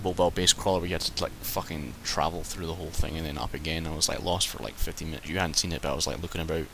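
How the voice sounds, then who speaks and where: Low-voiced guy rambling over his game, swears a lot, loud game noise behind him. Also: fairly even intonation, rapid-fire, gravelly. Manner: rambling, chatty, swears, jokey. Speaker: game commentator. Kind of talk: let's play commentary.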